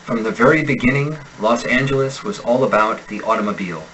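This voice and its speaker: American male accent coach, mid pitch, careful clear drill reading for a lesson. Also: sharp tone, slight background noise, low-quality recording. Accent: General American. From United States. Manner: slow, deliberate enunciation of sample words. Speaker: accent instructor. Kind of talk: reading example sentences in a pronunciation lesson.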